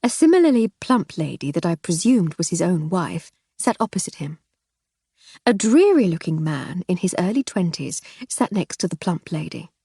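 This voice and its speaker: A woman reading a first-person mystery audiobook in a wry, measured way. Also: lowish voice, big pitch swings, creaky, mellow, slightly rough, no room sound, studio quality. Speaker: audiobook narrator.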